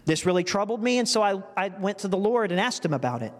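A man's voice: high voice, sing-song, quick pace. A man preaching a sermon with earnest, emotional storytelling, often restarting his phrases. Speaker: pastor. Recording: long reverb from a large hall.

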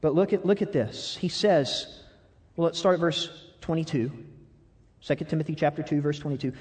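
A young adult man preaching a sermon, animated and laughing often, swinging between loud outbursts and soft asides. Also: a little high, moderate pace. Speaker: pastor.

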